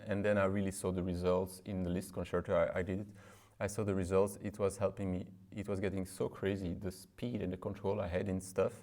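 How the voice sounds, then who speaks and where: Low-voiced man teaching piano technique. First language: French. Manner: explains in plain, slightly non-native English with many "right?" asides. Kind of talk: casual piano lesson with demonstrations. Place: room with a piano. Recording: speech over loud piano playing. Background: loud piano playing.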